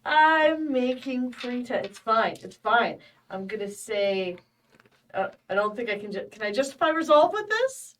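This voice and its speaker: A woman player in a tabletop game, playful and lively. Her voice is a bit high and sits slightly back from the microphone. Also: a little slow, recorded from a distance, a little hiss or hum.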